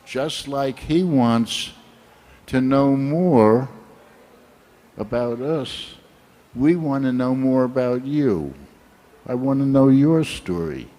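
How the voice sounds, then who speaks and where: A man's voice: mid-range voice, slow pace, pauses often, warm tone. An older man giving a sermon at a temple program, speaking in a reflective, storytelling way.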